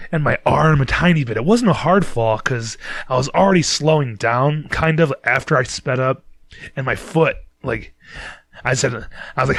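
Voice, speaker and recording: A man's voice: medium pitch, fairly bright tone, no room sound. A man hosting a podcast, telling a rambling, profane story in casual chat and laughing at himself. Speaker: podcast host.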